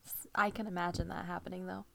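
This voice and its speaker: A woman's voice: on the low side, little pitch movement, fast, gravelly, sharp tone, dry recording. A young woman reading fan fiction aloud in a playful, dramatic manner, with commentary. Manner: playful, dramatic, laughs often. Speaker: reader.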